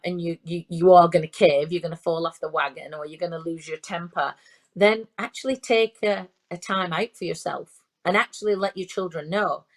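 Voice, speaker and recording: Low-voiced woman in her fifties, halting. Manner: repeats herself, frequent restarts and fillers. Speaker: parenting expert guest. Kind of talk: conversational podcast interview.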